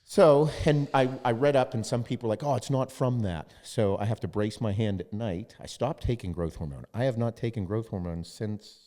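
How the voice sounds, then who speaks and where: Low-voiced man telling a profane story. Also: a little fast, hardly any pauses, dark tone, long reverb tail. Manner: profane storytelling, quoting others. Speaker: podcast host. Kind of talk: casual chat.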